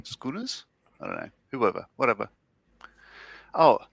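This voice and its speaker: A man co-hosting a relaxed model-building chat, reading viewer comments aloud with lots of chuckles and rambling asides. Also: medium pitch, unhurried, vocal fry, slightly rough, no room sound.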